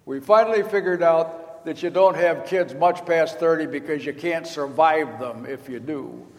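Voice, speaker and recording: An older man preaching in a folksy, storytelling way, slipping into the voices of the people in his story. His voice sits a little higher than most men's. The sound carries a long reverb, as in a large hall. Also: moderate pace. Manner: folksy storytelling, acting out quoted lines. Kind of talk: sermon.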